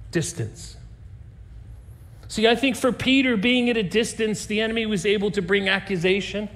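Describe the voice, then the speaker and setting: A male pastor preaching a sermon, telling a story with lively voices and sinking to a soft, low voice for emphasis.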